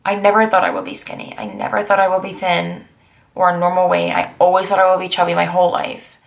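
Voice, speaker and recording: A woman's voice: fairly low pitch, steady tone, brisk, vocal fry. A woman in her twenties talking through personal memories in a chatty, rambling vlog, breaking into sassy asides along the way. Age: 20s. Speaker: vlogger.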